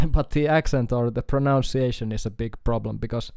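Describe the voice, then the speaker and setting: A man from Finland with a Finnish accent, chatting casually on a live stream with halting speech, fillers and chuckles. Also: mid-range voice, vocal fry, darkish tone, no room sound, studio quality. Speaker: guitar YouTuber streaming.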